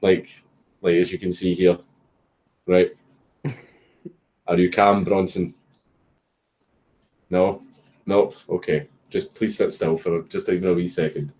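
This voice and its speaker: On a rough recording, a low, slightly mellow male voice speaks slowly in a level tone, pausing often. He's a Scottish man on a home live stream, casually reading viewer messages, cursing and cracking jokes as a puppy pulls his attention away.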